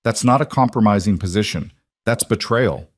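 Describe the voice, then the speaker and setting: A man's voice: lowish voice, moderate pace, dry recording, close to an everyday voice. Man voicing a young woman, wounded yet defiant, clipped lines, dry close sound; audiobook read.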